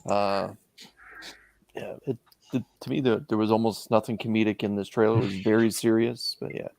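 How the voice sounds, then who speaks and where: A man co-hosting a casual podcast, talking in a halting way with many restarts. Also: on the low side, fairly even intonation, vocal fry, darkish tone. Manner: halting, restarts his sentences. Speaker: podcast co-host. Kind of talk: casual chat.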